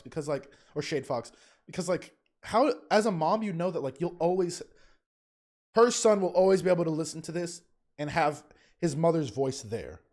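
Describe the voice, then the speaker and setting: A young man, a teacher, giving casual, emotional fan commentary in a reaction video, often halting and restarting. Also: on the high side, a little mellow.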